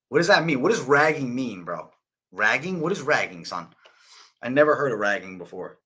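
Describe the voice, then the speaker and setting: A man's voice: medium pitch, big pitch swings, a little fast, sharp tone, husky. A young man hosting a live fight betting breakdown, talking in a casual, profane, slangy way. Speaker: host.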